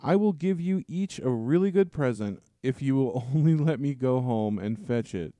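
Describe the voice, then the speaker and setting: A man's voice: medium pitch, expressive, moderate pace, mellow, no room sound, close to an everyday voice. A man voicing a cowardly male dragon who begs and haggles for his life, in an anxious, wheedling way, during a dramatic reading of a story. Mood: pleading, wheedling. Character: cowardly bargaining male dragon, rich and pleading.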